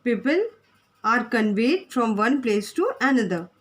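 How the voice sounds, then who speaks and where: A woman teaches a class of young children. She talks slowly and deliberately, in a slightly high voice. She spells key words out letter by letter. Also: very animated.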